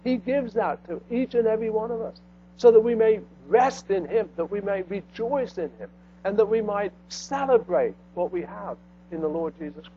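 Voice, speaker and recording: A man preaching a sermon, swinging between loud emphatic lines and hushed low phrases. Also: expressive, normal speed. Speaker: pastor. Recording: dull lo-fi sound with faint mains hum.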